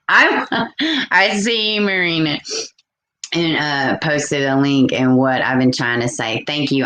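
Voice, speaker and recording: A woman hosting a casual live stream, chatting and reacting out loud to viewer comments. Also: sits low, reverberant. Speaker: live-stream host reading chat.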